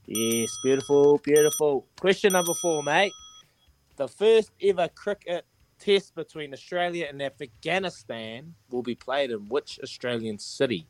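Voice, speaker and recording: A man's voice: fairly high pitch, unhurried. A man hosting a breakfast radio quiz, cheery and matey as he counts down the answers.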